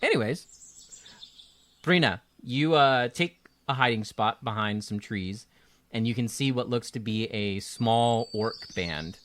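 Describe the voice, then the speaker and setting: A man narrating a tabletop game as game master, relaxed and joking. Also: medium pitch, unhurried.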